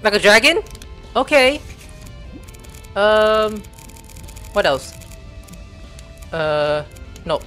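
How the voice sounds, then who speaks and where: Slow-talking excitable young man gaming. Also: high voice, faint music behind. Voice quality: excitable, reads game text aloud haltingly. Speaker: gameplay streamer. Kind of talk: casual game commentary.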